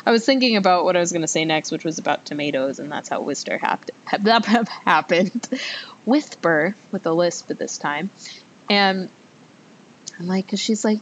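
A woman's voice: animated, normal speed. A young woman hosting a podcast, telling a story in a rambling, chatty way with many fillers and self-mocking asides. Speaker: podcast host. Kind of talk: casual storytelling monologue. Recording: faint background noise with low rumble.

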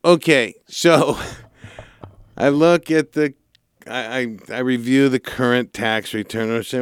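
A man hosting a radio show about mortgages, telling a client story in a lively, chatty way and acting out the calls. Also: medium pitch, takes it slowly, clean tone, no echo, clean studio sound. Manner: animated storyteller, acts out callers' lines. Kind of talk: casual radio talk, storytelling.

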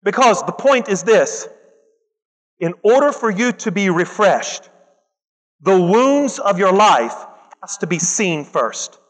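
A man's voice: high voice, sing-song, takes it slowly, long reverb tail, low-quality recording. A man preaching a sermon, stressing points by repeating phrases and calling out to the congregation. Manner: emphatic, repeats phrases for effect, calls out to the congregation.

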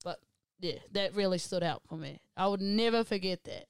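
A woman's voice: mid-range voice, moderate pace, creaky, smooth, dry recording. A young woman, telling stories in a casual, slangy, chatty way. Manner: chatty storytelling, lots of "like", slangy. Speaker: podcast co-host. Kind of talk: casual chat.

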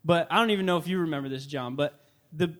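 Young guy worship leader in church, kinda high voice, eager and fired up, trips over his words. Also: fast. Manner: earnest, excited storytelling with restarts. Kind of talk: church welcome and worship talk. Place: church sanctuary.

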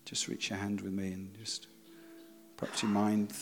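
A man preaching a sermon and leading a congregation in quiet prayer. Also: on the low side, completely flat delivery, normal speed, long reverb tail, faint music behind. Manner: reads a story aloud, then speaks softly and prayerfully. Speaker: pastor.

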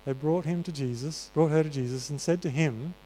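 A man with a slightly high, warm voice preaches fairly quickly in a church hall full of echo. His sermon is earnest and chatty in tone, loaded with fillers.

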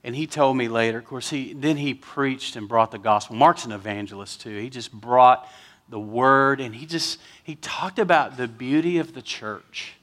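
A man's voice: medium pitch, normal speed, a bit bright. A man, a pastor telling an emotional story during a sermon and getting choked up at times.

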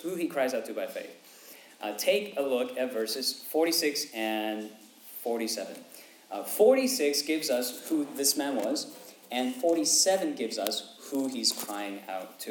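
A man preaching a sermon in an earnest way, checking in with his listeners by asking "okay?" and "right?", and rising sharply in voice when he quotes a cry for mercy. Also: medium pitch. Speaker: pastor. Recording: echoey room with faint background noise.

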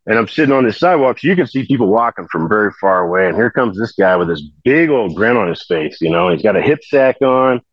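A man with a fairly low voice tells a long story in a casual, rambling way, often circling back on himself. The sound is dry and slightly muffled, as if from a modest mic with the highs cut. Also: lively intonation, fast talker, few pauses, no echo. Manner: rambling, full of "you know" fillers and restarts. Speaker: podcast guest telling stories.

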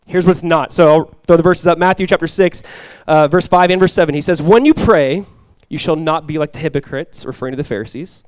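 A man's voice: on the high side, fairly even intonation, quick pace, clean tone, no room sound. A young adult male pastor giving a conversational sermon, joking and acting out little quotes.

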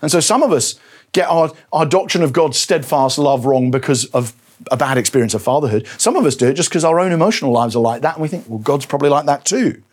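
Man, pastor, sermon, husky, lively pitch. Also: fast talker. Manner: animated preaching, voicing God's words with rising intensity.

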